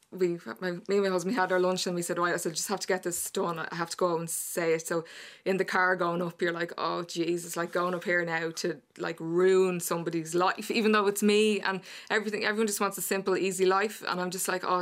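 An Irish woman in her young adult years talks as a guest in an emotional interview. Her voice is lowish and flat in pitch. She speaks haltingly, with many fillers and restarts.

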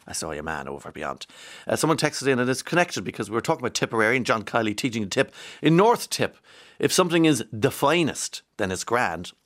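A radio host from County Monaghan, Ireland, with an Irish accent, runs a casual morning show from a studio microphone. His medium-pitched voice is very animated, a bit bright and a little fast. He's chatty and rambling, reading out texts from listeners.

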